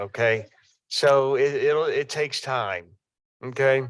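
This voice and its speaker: A man's voice: medium pitch, slow, clean tone, no room sound. A man, president of a town council, answering a resident in a reassuring way and often repeating himself. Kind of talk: meeting chair responding. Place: town council meeting room.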